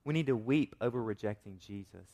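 A man preaching a sermon, swinging from loud emphatic points to quiet asides and asking his listeners rhetorical questions. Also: medium pitch, a little fast. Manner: acts out quoted voices with rhetorical questions. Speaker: pastor.

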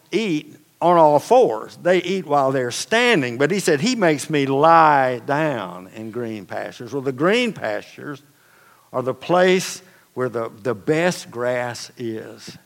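A man preaching a sermon as pastor, telling stories in a conversational, folksy way with casual asides. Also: a little high. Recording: long reverb of a large hall.

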